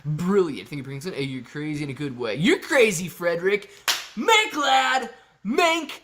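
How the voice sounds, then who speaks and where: A man's voice: on the high side, very animated, brisk, a bit bright. A man hosting a casual live stream about stocks, reading out viewer comments and chatting in an upbeat way.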